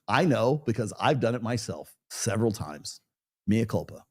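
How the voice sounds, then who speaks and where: A man's voice: lowish voice, very animated, normal speed, a little mellow. A middle-aged man talking casually and with opinions, rambling with restarts and short laughs. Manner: rambling, with self-corrections and laughs. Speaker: podcast guest in a played clip.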